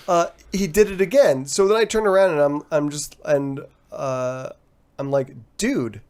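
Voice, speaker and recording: A man's voice: a little high, a little slow, a little mellow. A middle-aged man co-hosting a casual post-show chat, telling a story with frequent laughter and free swearing. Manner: laughs often while telling stories, swears freely. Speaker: podcast co-host.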